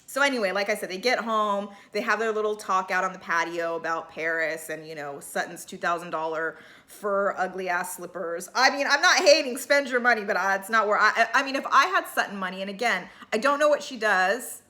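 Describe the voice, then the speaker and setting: A woman's voice: mid-range voice, a little fast, hardly any pauses, bright, forceful tone. A woman giving a casual, opinionated recap of a reality show in a chatty way, full of fillers.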